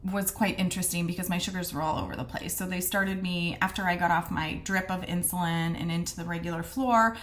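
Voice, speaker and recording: Brisk and with few pauses, this vlogger's lowish, fairly bright voice keeps a mostly even intonation. She gives a frank, chatty account of her diagnosis to camera, quoting the conversations she recalls as little scenes, peppered with mild swearing and frequent fillers.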